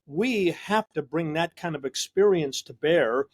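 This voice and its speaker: A man's voice: a little high, expressive, unhurried. A male psychologist hosting a discussion show, talking earnestly and emphatically, often repeating a word as he starts a sentence. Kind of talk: conversational discussion.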